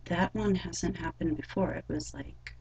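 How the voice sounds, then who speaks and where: Low, gravelly, breathy-voiced young woman. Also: darkish tone, poor audio. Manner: halting and rambling, full of fillers. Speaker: vlogger. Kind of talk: personal storytelling vlog.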